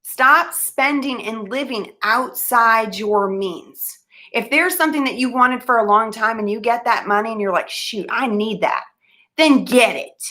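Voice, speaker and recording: A young woman speaks straight to her viewers in a bright, forceful voice. She is earnest and emphatic, pressing each point, then loses her thread and laughs it off before pushing on. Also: fairly high pitch, measured pace. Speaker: vlogger giving money advice. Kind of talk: casual talk to camera.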